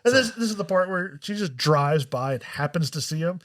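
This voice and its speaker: A man's voice: a little high, lively intonation, moderate pace, a bit bright. A man co-hosting a podcast, chatting casually about a film and laughing often while quoting characters. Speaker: podcast co-host. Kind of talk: casual film review chat.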